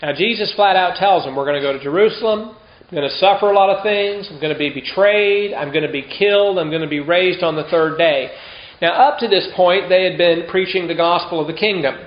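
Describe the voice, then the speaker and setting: A man delivers a sermon in an easy, conversational manner, sprinkling in rhetorical questions. His voice sits a little high. The recording is echoey and somewhat lo-fi. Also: brisk. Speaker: pastor. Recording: roomy, dull lo-fi sound.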